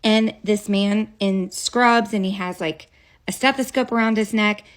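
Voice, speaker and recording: A woman's voice: medium pitch, a little slow. Woman telling a dramatic story. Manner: animated, dramatic storytelling with asides. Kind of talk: casual storytime.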